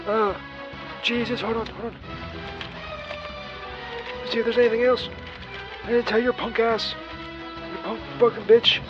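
A man putting on a very high, mangled old Scottish movie star voice, halting, rambling and foul-mouthed, his accent drifting into Irish and back. The voicemail sounds muffled and dull, with faint music playing behind. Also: little pitch movement. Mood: abusive. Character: crude hostile impression of an old Scottish film star, man.

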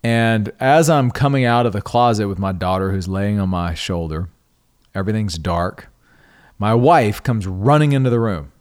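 Relating a personal story on his podcast, this middle-aged host speaks at normal speed in a lowish voice. He's conversational, frequently restarts and repeats words, and livens up when quoting himself.

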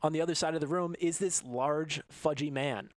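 A man with a fairly high voice leads a tabletop game for his podcast co-hosts, laying out rules and rooms in an upbeat, chuckling way. His voice is dry and close, with no room echo. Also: moderate pace. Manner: upbeat, laughs between descriptions. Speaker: game master.

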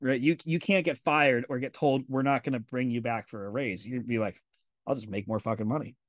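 This podcast host is a man with a mid-range voice who speaks a little fast in a steady tone, recorded dry with studio quality. In casual conversation he tells stories candidly, swears often, and acts out the quoted lines.

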